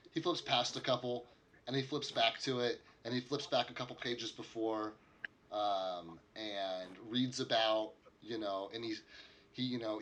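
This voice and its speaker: A man's voice: medium pitch, a bit bright, slight background noise. A man narrating as a game master in a casual, rambling way, with many fillers.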